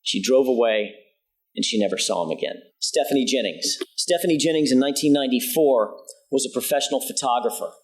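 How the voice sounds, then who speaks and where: A man delivering a prosecutor's opening statement in a courtroom, retelling events in a measured, emphatic way and quoting dialogue. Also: mid-range voice, rough recording.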